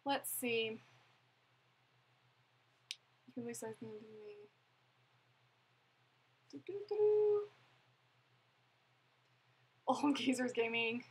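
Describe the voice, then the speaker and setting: A woman's voice: on the high side, steady tone, slow pace, pauses often, slight background noise, rough recording. A young woman chatting casually on a live stream, rambling and laughing as she answers viewers' questions. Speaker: vlogger answering live chat.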